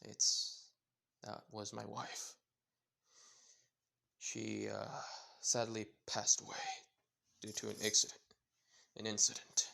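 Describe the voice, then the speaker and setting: A gruff, burly single father who talks in a plain, easygoing way, as a man reads him aloud. His voice sits at an ordinary male pitch, and the delivery is calm and unhurried. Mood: somber.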